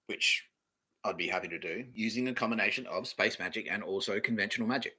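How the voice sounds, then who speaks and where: A man's voice: lowish voice, lively intonation, fast, pushed and bright, slightly rough, low-quality recording. A man with an Australian accent hosting a solo comedy podcast, rambling in a profane, boastful way and laughing at his own jokes. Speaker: podcast host.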